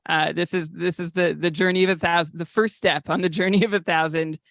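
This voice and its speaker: A man's voice: on the high side, steady tone, brisk, vocal fry, a bit bright, no echo, studio quality. Nervous rambling male podcast co-host. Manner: nervous, rambling, with filler words. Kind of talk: casual podcast chat.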